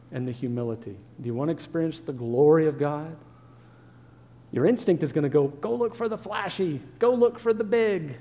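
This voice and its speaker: A man preaches to his congregation in an earnest way, asking rhetorical questions as he works through the text. His voice sits a little high yet sounds mellow and warm. A long reverb trails each phrase, as if from a church sanctuary. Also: lo-fi sound. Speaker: pastor. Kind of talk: sermon.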